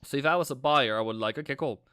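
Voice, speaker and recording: A man's voice: medium pitch, fast, sharp tone, smooth, no echo, studio quality. A man giving live market analysis on a stream, chatty, repeating himself and answering viewers. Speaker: forex trading streamer.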